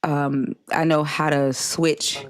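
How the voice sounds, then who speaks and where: A woman from the American South hosts a casual live stream in a low, deep voice. She is blunt and profane as she scolds her viewers. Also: level tone, slow pace. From Southern United States. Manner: blunt, profane, lecturing chat.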